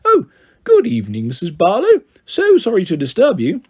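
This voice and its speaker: A man voicing a schoolgirl who fakes a silly, snobby, plummy voice, muffled and slow. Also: high-pitched, huge pitch swings, slightly rough, voice pushed up, exaggerated voice. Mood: posh. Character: schoolgirl faking a posh, plummy voice.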